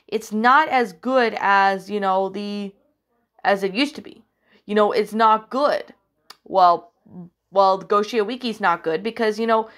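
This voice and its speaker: A woman's voice: mid-range voice, fairly bright tone. A woman casually reviewing a story she narrated, rambling with many fillers and restarts, hesitant and apologetic. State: hiccuping.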